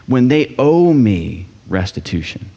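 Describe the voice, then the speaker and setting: A man's voice: mid-range voice, very animated, slow pace, mellow. A man preaching a sermon in a casual, joking way, acting out the people in a parable. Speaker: pastor. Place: church sanctuary. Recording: dull sound with long church reverb.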